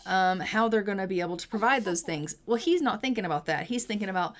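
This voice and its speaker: Young woman, chatty gameplay narrator, storytelling, casual, mid-pitched voice. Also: fast talker. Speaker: gaming creator.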